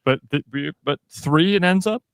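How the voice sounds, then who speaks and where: A man's voice: fairly high pitch, unhurried, no echo, studio quality. A man co-hosting sports radio, talking animatedly with frequent restarts and some swearing.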